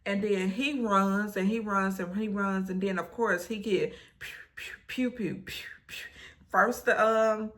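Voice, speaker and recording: Slow, animated woman recapping a show. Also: medium pitch. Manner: animated storytelling, acts out quotes. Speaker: recap vlogger. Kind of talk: casual episode recap.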